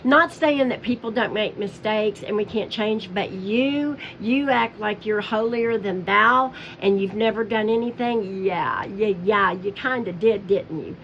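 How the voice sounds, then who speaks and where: A woman's voice: mid-range voice, unhurried, hardly any pauses, a bit bright, muffled recording, a little hiss or hum. A woman calling someone out in a confrontational, scolding commentary aimed straight at the person she accuses. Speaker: commentary vlogger. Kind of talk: angry call-out commentary.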